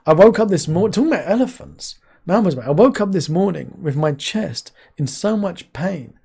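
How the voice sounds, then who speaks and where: An excitable man chats loosely on a live stream, laughing a lot and jumping up into high yelps. His voice is mellow and soft-edged, talking into a desk mic. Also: moderate pace, gravelly, husky. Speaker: streamer host. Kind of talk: casual live-stream chat.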